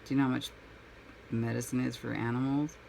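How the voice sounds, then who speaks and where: A woman's voice: rumbling low, little pitch movement, fairly quick, vocal fry, darkish tone, a little hiss or hum, rough recording. A woman chatting casually while painting at home, a rambling storyteller who acts out her own reactions. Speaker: crafting vlogger.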